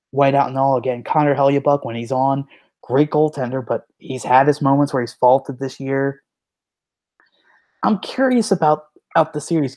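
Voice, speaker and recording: A man's voice: medium pitch, warm tone. Man, podcast co-host, casual hockey chat, rambling, restarts a lot. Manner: rambling, frequent restarts and "like" fillers.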